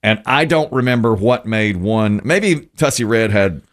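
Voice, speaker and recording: Male radio host, animated delivery, chatty and quick to laugh. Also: lowish voice. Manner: chatty, laughs often, lively storyteller. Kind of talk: casual radio banter.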